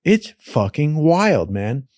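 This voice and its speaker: Slow and fairly high-pitched, a man tells wild stories in a casual, meandering style. He swears, uses slang like "dude," adds lots of asides, and stays animated. The studio-quality recording has no room sound.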